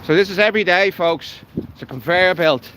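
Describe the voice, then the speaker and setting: A man's voice: high voice, normal speed, a bit bright, a little hiss or hum, low-quality recording. An Irish man livestreaming while walking his dog by a canal, talking bluntly and heatedly with lots of swearing. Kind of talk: live walking vlog.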